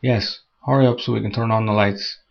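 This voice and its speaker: A man's voice: fairly low pitch, steady tone, brisk, vocal fry. Man putting on an eager little girl. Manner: eager, pleading. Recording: dull lo-fi recording.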